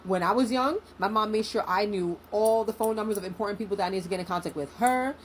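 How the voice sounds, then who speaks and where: A young woman in a casual storytime vlog, animated and indignant, acting out what people said. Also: mid-range voice, quick pace, a little hiss or hum, rough recording. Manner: animated, indignant, acts out quotes.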